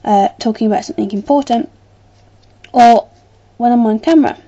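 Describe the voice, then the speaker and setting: A woman's voice: on the high side, brisk, mellow. Rambling British woman on a dull webcam. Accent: British English. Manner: rambling, chatty, lots of ums. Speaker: vlogger. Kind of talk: casual chat to camera.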